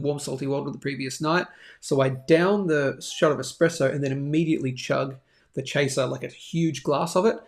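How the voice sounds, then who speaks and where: A man's voice: a little high, gravelly. A man hosting a daily live stream, chatting casually and rambling as he reads out viewer comments. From Australia. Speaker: host of a daily live show.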